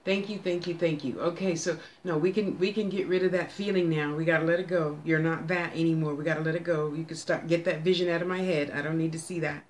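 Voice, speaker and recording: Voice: medium pitch, steady tone, a little hiss or hum. Chatty folksy medium bossing spirits around. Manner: chatty, folksy, bossy with spirits, drawn-out words. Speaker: psychic medium giving readings. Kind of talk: casual live spirit reading, talking to spirits aloud.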